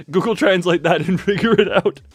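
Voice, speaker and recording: A man's voice: sits high, a little slow, slightly rough, dry recording, soft background music. A man streaming a game live, joking and rambling as he reacts to his chat, on a close desk microphone.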